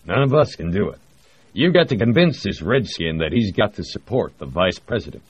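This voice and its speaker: A man doing a gravelly South Texas bureaucrat. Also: lowish voice, big pitch swings, a little fast, pitched above the performer's own voice. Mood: jovial. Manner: folksy, blunt, drawling. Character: gruff middle-aged American project director, ex-Texan. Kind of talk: audiobook character voice. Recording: dry, slightly muffled audio.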